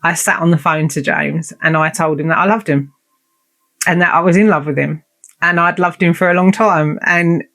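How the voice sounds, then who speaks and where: Gravelly-voiced woman telling stories. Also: sits low, steady tone, moderate pace, fairly bright tone. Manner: frank, swears freely, self-mocking. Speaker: podcast host. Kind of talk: casual storytelling monologue.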